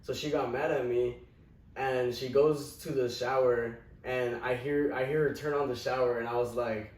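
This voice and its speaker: Man, podcast guest, casual animated storyteller, mid pitch, roomy distant mic with a faint hiss. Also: moderate pace. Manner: animated anecdote, often laughing mid-story.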